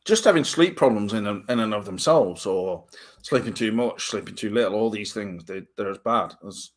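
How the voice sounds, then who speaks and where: A man co-hosting a casual livestream chat, rambling and halting, often trailing off into mumbles. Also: fairly low pitch. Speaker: co-host.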